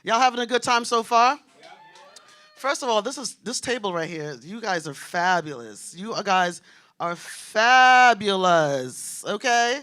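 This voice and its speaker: Brief: New woman stand-up, brash and animated, bright and sharp in tone, works the room directly. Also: medium pitch, a little slow. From Queens, New York. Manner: brash, animated, talks straight to the crowd. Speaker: stand-up comic. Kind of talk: stand-up comedy set. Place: comedy club stage.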